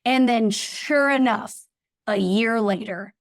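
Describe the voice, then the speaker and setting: A woman's voice: fairly high pitch, takes it slowly, dry recording, studio quality. A woman guest telling a personal story in a casual interview, acting out the voices of people in it. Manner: animated, acts out voices in her anecdotes. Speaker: podcast guest.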